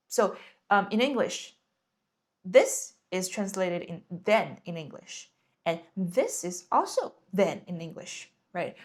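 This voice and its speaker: A woman teaching a lesson in English, patiently repeating words and checking in with "right?". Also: medium pitch. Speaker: Chinese teacher. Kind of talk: language lesson explaining vocabulary.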